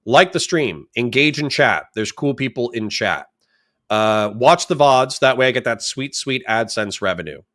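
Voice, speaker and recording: A man's voice: mid-range voice, lively intonation, moderate pace, fairly bright tone. A man giving blunt, sarcastic, profane commentary on a livestream while reacting to a video.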